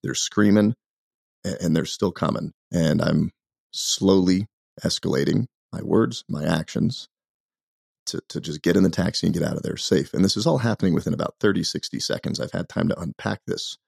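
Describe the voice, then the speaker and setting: An American man, a podcast guest, telling a story in an emphatic, animated, casual way. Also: low-pitched, moderate pace, creaky, slightly rough, dry recording, clean studio sound. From United States.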